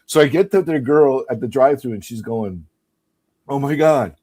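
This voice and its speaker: A man in his fifties telling an animated story in casual chat, acting out quotes and laughing. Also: medium pitch, brisk, husky.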